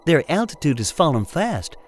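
A man's voice: a little high, big pitch swings, normal speed, slight background noise, voice pushed up. A man doing a cautious young woman co-pilot. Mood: alarmed. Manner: sharp and cautioning.

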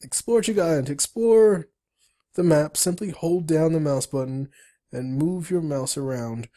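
Someone reads a game's on-screen story aloud while playing through its tutorial, breaking in with chatty side comments in let's-play style. Their mid-range voice has a dark tone and moves at a moderate pace.

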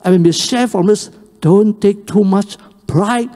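A pastor preaching a sermon, telling the story with animated swings between loud and hushed. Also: mid-range voice, a little slow. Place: church sanctuary. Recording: long reverb of a church hall on a live stream.

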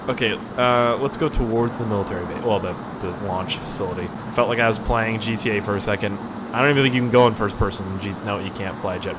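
A man narrates his own gameplay in an excitable, offhand way, swearing and laughing as the plane misbehaves. His voice leaps up and down constantly, full of animation. A faint background hiss sits under the recording. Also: lowish voice, a little fast. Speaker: gaming YouTuber. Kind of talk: let's-play commentary.

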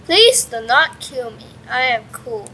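A young woman casually commentating her own game at home, chatty and excitable, with sudden yelps and mild swearing. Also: fairly high pitch, slow pace, slight background noise, low-quality recording. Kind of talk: casual let's-play commentary. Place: at home with a pet dog nearby.

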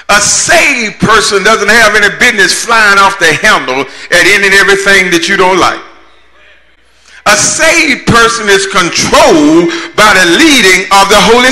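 A man preaching in a church, his voice high-pitched and piercingly bright. He builds his sermon on rhythmic call-and-response and keeps circling back to the same refrains. The sanctuary gives it a roomy, echoing ring. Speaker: pastor.

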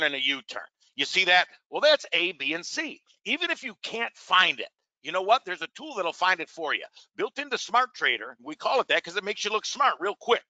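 Bright, animated man pitching a trading webinar. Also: no echo. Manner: energetic and salesy, keeps asking rhetorical questions and calls listeners "gang". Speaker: trading educator. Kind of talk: live webinar demo and sales pitch.

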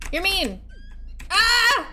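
A woman's voice: extremely high pitch, very slow, noisy background. A woman live-streaming a video game, chatting casually, giggling and thanking her viewers. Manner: giggly, animated, talks to herself and thanks chat.

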